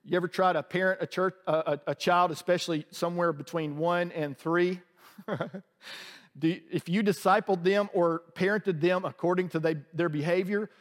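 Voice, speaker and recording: A man's voice: high-pitched, steady tone, normal speed, in a large hall. A male pastor preaching a sermon in a church, conversational and humorous, often asking the congregation questions. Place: church sanctuary.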